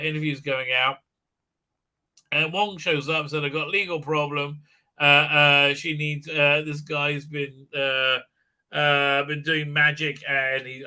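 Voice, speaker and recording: A man's voice: fairly high pitch, pushed and bright, clear, resonant tone. A middle-aged man hosting a live stream from his desk, rambling sarcastically and swearing, full of fillers and restarts.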